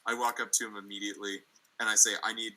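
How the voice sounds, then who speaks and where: A man's voice: fairly low pitch, level tone, fast, bright, forceful tone, rough recording. A man playing a tabletop game, hesitant and stammering as he describes his character's actions. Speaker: player. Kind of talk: tabletop role-play chat.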